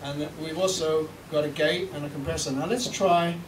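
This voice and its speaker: In a live seminar and demo, a British recording engineer presents to an audience with a voice on the high side, fairly even intonation and a slightly fast pace. His manner is chatty and joking, with some mild swearing. The room is echoey, the mic distant, and there's background noise.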